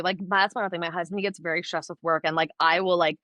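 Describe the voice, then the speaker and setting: A young woman guest on a podcast, telling stories in an animated way and acting out what others said. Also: fairly low pitch, fast, dry recording. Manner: animated storytelling, acts out quotes, laughs often. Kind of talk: casual interview chat.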